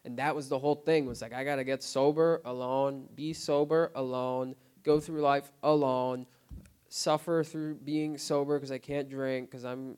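A man sharing his recovery story in a casual, unscripted way, often quiet and subdued. He talks haltingly, filling his sentences with "like" and "you know what I mean" and restarting his phrases. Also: medium pitch, clear, resonant tone. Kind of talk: personal testimony, casual and unscripted. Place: recovery group meeting.

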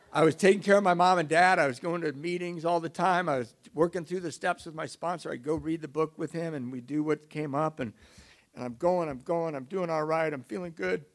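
A middle-aged man telling a self-mocking recovery story to an audience, in an animated way. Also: on the high side. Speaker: speaker sharing recovery story.

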